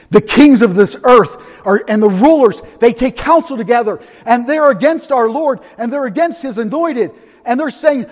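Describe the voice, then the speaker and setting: Animated preacher in a reverberant hall. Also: male voice, sits high. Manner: animated, emphatic, swings from loud to soft. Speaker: pastor. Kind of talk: sermon.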